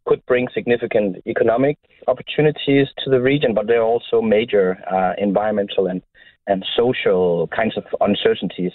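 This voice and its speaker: Male academic interviewee, low voice, hesitant, tinny phone line. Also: no echo. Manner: hesitant, many uh fillers. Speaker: university researcher. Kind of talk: radio interview answer.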